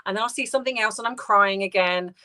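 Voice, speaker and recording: A British woman hosting a casual livestream, talking softly and hesitantly with many ums and restarts as she answers viewer comments. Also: medium pitch, fast talker. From United Kingdom. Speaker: livestream host.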